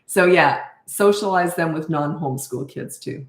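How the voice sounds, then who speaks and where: Heard in an echoey room, an older woman speaks at normal speed in a deep voice as she coaches parents. She answers viewers' questions bluntly, with emphasis, and repeats her central points.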